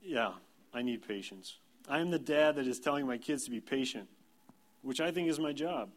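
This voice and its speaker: A man's voice: mid-range voice, lively intonation, normal speed. Male pastor, thirties, sermon, conversational storytelling, self-deprecating. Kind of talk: sermon with personal anecdotes.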